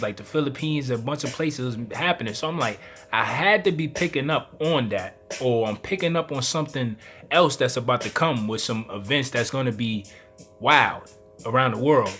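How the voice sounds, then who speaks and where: A man tells his viewers about a dream, speaking at an everyday mid pitch. He retells it in a loose, animated way and acts out his own lines as quotes. Faint music plays behind his voice. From New York. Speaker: spiritual vlogger. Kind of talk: casual storytelling to camera.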